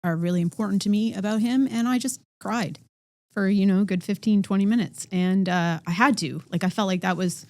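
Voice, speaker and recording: A woman co-hosting a podcast, speaking earnestly and reflectively, her sentences trailing off softly. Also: mid-range voice, brisk, no echo. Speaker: podcast co-host. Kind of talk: reflective conversational talk.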